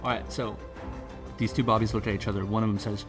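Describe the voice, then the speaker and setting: A man running a horror tabletop game as game master, narrating in a measured way with frequent fillers. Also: fairly low pitch, flat delivery. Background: music.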